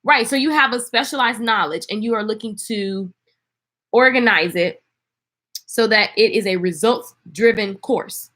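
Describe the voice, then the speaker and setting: A woman's voice: a little high, measured pace, sharp tone. A woman hosting a casual livestream, chatty and laughing, talking straight to her viewers. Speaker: livestream host selling an online course. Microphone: phone.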